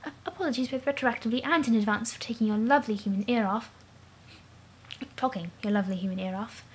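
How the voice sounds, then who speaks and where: A woman voicing a gentle, shy female alien cherub girl in a soft, hushed, near-whispered voice with formal, polite wording. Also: fairly high pitch, fast talker, slight background noise, close to an everyday voice. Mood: tender. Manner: polite, formal, a bit rambling.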